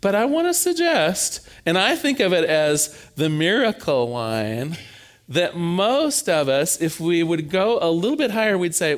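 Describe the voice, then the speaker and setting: Animated man preaching a sermon. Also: high voice, a little slow. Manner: conversational, animated, frequent repeats.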